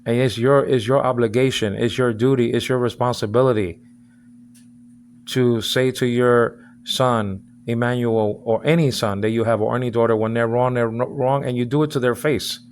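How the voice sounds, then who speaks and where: A man's voice: mid-range voice, fairly even intonation, moderate pace, a little hiss or hum. A man from the United States delivering an angry, rambling video message, repeating himself and stumbling over his words. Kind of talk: angry direct-address monologue.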